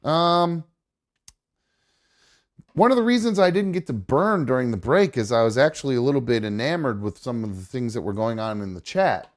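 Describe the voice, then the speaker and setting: Excitable rambling male show host. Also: medium pitch, moderate pace. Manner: excitable, swearing, rambling with fillers. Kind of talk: live show chat about football. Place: home studio.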